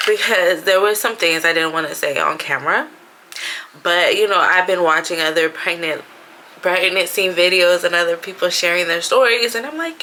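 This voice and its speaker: Bright-voiced woman chatting casually. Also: lowish voice, normal speed, a little hiss or hum, poor audio. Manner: chatty, frequent fillers "like" and "you know". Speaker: vlogger, expecting mother. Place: bathroom at home.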